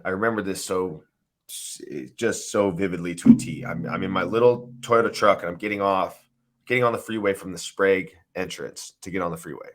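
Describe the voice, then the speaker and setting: A man in his thirties, an interview guest, telling a painful personal story in a halting, emotional way with many restarts. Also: sits low, fairly bright tone.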